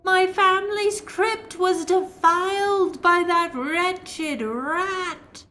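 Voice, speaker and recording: Woman putting on a shrill, slow-wailing wraith for a game, melodramatic and mournful. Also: sharp tone, soft background music, heavily acted. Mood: anguished. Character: wailing, self-pitying female ghost wraith. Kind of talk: reading game dialogue aloud.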